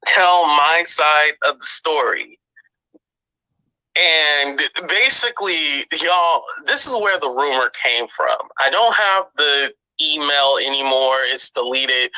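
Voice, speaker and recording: A man's voice: on the high side, bright, forceful tone, clear, resonant tone, no echo, poor audio. A man hosting a livestream, candidly telling his side of a story and talking straight to his viewers in a casual, chatty way. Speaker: livestream host. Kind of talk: casual storytelling to live chat.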